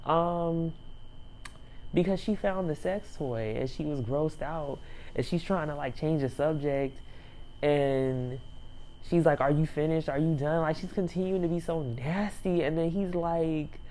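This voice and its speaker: A woman's voice: low-pitched, a little slow, warm tone, a little hiss or hum. A young woman reviewing a reality show in a rambling, casual way, laughing often and using many fillers.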